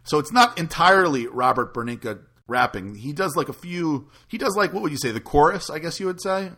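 Bright-voiced man hosting a podcast. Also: fairly high pitch, expressive, fairly quick. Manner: loose, swears casually. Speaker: podcast host. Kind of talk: casual chat.

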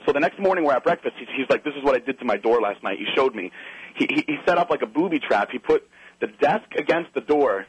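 Fast-talking husky man telling a story. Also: medium pitch, no room sound, highs cut off. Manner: animated, acts out the other people's lines. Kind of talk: casual storytelling chat.

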